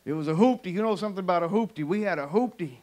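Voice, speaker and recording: A man from California performing an animated stand-up comedy set for a church audience. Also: high-pitched, rapid-fire, slight background noise. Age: adult. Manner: animated storytelling punchlines. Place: church sanctuary, live audience.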